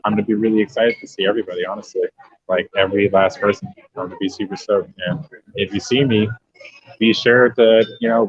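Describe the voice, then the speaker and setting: A young man from Massachusetts with a low voice tells stories in a loose, joking way, leaning hard on his words and swearing freely. His tone is animated, but the podcast audio is dull and lo-fi. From New Bedford, Massachusetts. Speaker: actor, podcast guest. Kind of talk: casual storytelling chat.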